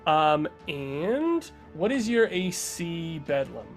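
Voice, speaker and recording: A man narrating as game master of a tabletop game, laughing often and halting with fillers. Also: on the high side, sing-song, faint music behind.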